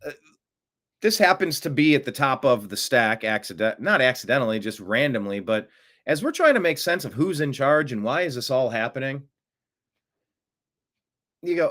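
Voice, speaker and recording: Speaking at a moderate pace and pausing often, an American man runs a solo political commentary show without a script. He's sarcastic and animated, his voice jumping up for mocking asides.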